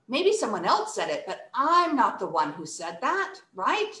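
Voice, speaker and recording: A woman's voice: high-pitched, huge pitch swings, measured pace, hardly any pauses, pushed and bright, roomy sound. A woman teaching an English workshop, speaking expressively and acting out emotions and word stress. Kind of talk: online English lesson for children.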